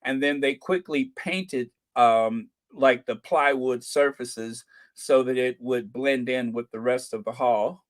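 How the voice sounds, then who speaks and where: A man's voice: medium pitch, slow pace, few pauses. A man hosting a casual live stream, chatting about photos and thanking viewers by name with chuckles.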